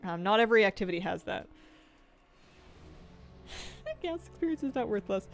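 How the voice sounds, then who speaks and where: A woman's voice: medium pitch, very animated, normal speed, vocal fry, soft background music. A young woman streaming a game, chatting playfully and rambling with self-deprecating jokes and frequent laughs. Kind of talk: casual stream chat.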